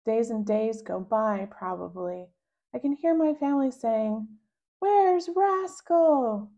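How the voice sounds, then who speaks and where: A woman reads a children's book aloud at a slow, careful pace, her pitch bounding up and down with delight. She voices the child narrator in sudden high, loud bursts. The recording sounds a little dull and lo-fi. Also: very animated. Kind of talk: read-aloud storytelling.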